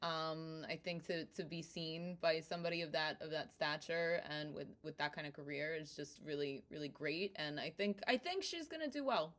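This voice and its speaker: A woman whose was Italian, a guest telling stories in casual chat. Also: low voice. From Brooklyn, New York. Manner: animated storyteller, quick asides.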